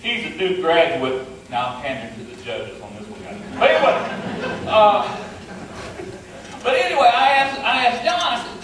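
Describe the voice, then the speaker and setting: A man's voice: high-pitched, very animated, moderate pace, fairly bright tone. A middle-aged man with a West Virginian Appalachian accent, telling a humorous tall tale in a folksy, playful, self-deprecating way. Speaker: storyteller. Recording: echoey hall, mic from far off.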